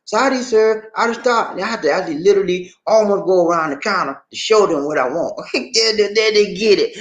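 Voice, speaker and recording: A man living abroad talking casually to his viewers, animated, acting out shop conversations and repeating phrases for emphasis. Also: sits high, fast, roomy sound. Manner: animated, acts out shop dialogues. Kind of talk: casual live-stream talk to viewers. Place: indoors, in the Philippines.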